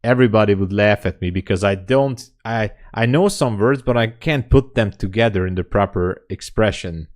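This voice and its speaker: A man's voice: on the low side, moderate pace, hardly any pauses, a little mellow. A man with a Hungarian accent, chatting casually on a live trading stream and laughing often as he answers viewer comments. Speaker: day trading livestreamer. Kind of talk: casual livestream chat. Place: home.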